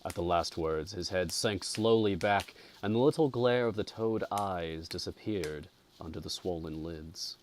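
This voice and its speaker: Deep-voiced man slowly narrating a ghost story. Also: a little hiss or hum. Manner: slow, deliberate, atmospheric reading.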